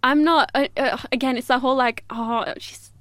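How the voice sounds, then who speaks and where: A woman's voice: sits high, steady tone, quick pace, fairly bright tone, no echo. A young woman in casual chat, rambling and giggly, full of fillers and restarts.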